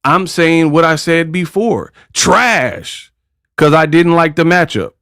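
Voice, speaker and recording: Brief: fairly high-voiced man, slangy boxing trash talk, dry close sound. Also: expressive, slow pace, a bit bright, clean tone, no room sound. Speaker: boxing commentary channel host. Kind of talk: casual commentary vlog.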